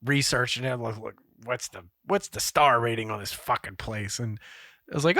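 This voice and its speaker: A man co-hosting a podcast, telling a story in a casual, profane and animated way. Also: medium pitch, normal speed, no echo, clean studio sound. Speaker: podcast co-host. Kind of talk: casual chat.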